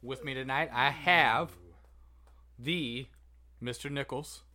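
A man's voice: medium pitch, slow, sharp tone. A man hosting a casual podcast among friends, opening the episode and adding dry, teasing asides. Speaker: podcast host.

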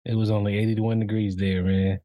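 A man co-hosts an easygoing podcast chat, mostly adding short, relaxed comments and the odd quick anecdote. His voice sits at an ordinary pitch. The recording is dry and close. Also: dry recording. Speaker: podcast co-host. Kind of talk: casual chat.

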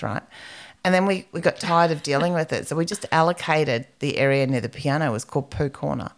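A middle-aged woman, co-hosting a casual podcast chat and telling stories with animation and the odd swear word. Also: low-pitched. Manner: animated storyteller, swears freely. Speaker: podcast co-host.

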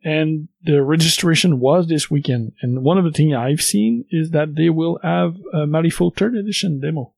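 A man co-hosting a relaxed hobby chat, hesitant, with frequent filler pauses. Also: on the high side, gravelly, slightly rough, no room sound. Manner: hesitant, many uh fillers, laughs softly. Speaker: podcast co-host. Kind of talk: casual chat.

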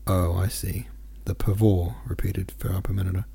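Male audiobook reader, low gravelly voice, dark tone, gentle and steady. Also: a little slow. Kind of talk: novel read aloud.

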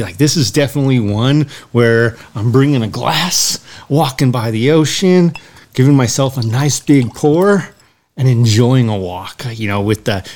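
Relaxed man describing a scotch. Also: mid-range voice. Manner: lingering, descriptive tasting talk. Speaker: podcast co-host. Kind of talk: casual chat.

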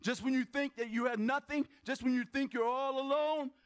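A man with a very high voice preaches a lively sermon to his church. He keeps asking the congregation questions, slips in joking asides, and now and then bursts into a shout to drive his point home. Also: moderate pace. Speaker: pastor. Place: church service.

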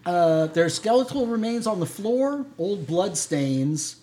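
Male game master, high and animated, talks in halting descriptive bursts. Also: a little hiss or hum. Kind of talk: narrating a tabletop game.

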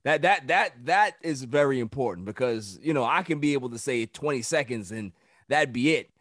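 A man hosting a casual sports podcast, animated and playfully protesting with easy laughter. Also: mid-range voice, moderate pace, no echo, clean studio sound. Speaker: podcast host.

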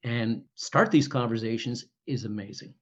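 A man hosting an interview, speaking in a calm, measured way. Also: mid-range voice, breathy edge. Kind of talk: conversational interview. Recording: slightly muffled, lo-fi audio.

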